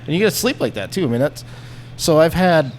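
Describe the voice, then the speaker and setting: A man telling a story in a casual podcast chat, animated and profane, acting out the people in it. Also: on the high side, fast, slight background noise. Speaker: podcast guest.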